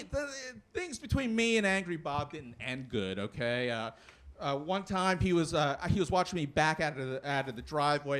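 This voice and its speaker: A man's voice: a little high, a bit bright. A young man doing a stand-up comedy set, rambling with plenty of fillers and restarts. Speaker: stand-up comic.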